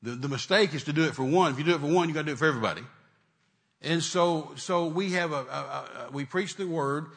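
A man's voice: a little high, fast talker, creaky, fairly bright tone. A man preaching a sermon, repeating phrases and building to emphatic declarations.

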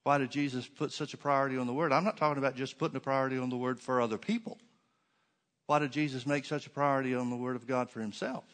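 A man's voice: medium pitch, steady tone, fast, fairly bright tone. A man preaching a sermon to his congregation in a church, emphatic, with many rhetorical questions and repeated phrases. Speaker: pastor.

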